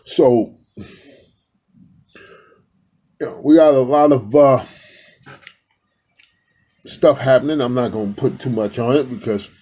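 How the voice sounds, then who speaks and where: A man with a husky, somewhat breathy voice and a dark, mellow tone talks loosely to his own camera from indoors. He rambles and speaks to his viewers directly and affectionately, like a spiritual vlogger talking to his regulars. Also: mid-range voice. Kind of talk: casual talk to camera.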